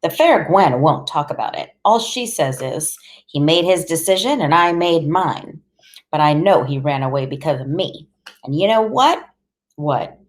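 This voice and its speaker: A woman's voice: deep voice, animated, a little slow. A woman reading an audiobook, voicing a small, clever boy who talks in a boastful, theatrical way. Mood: cocky.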